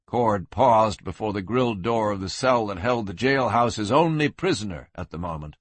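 Husky-voiced male western storyteller. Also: lowish voice, moderate pace, hardly any pauses, dry recording. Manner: lively storytelling. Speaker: audiobook narrator. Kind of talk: scripted narration.

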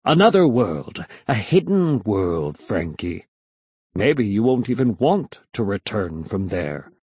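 A man voicing a showy male stage magician who speaks slowly and dramatically. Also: fairly low pitch, sing-song, a little mellow, breathy edge, dry recording, exaggerated voice. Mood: ominous. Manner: slow, dramatic, theatrical.

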